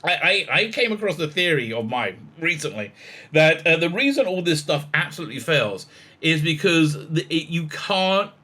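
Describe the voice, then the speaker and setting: A man's voice: a little high, lively intonation, normal speed, bright, forceful tone. A man giving sarcastic, scornful commentary in a ranting vlog, stammering through restarts. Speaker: YouTube commentator.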